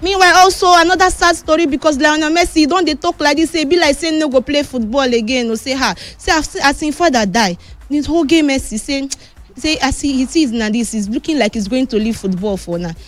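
A woman with a Nigerian Pidgin accent presenting a chatty sports news roundup, moving between excited and somber tones. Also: high voice, a little fast, soft background music. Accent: Nigerian Pidgin English.

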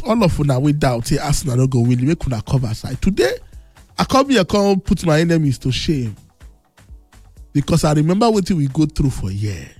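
A man from Nigeria hosts radio with a Nigerian Pidgin English accent, full of brash teasing and loud boasts. His fairly high voice is slightly rough and sounds thick, as he's a little under the weather. The recording is dry.

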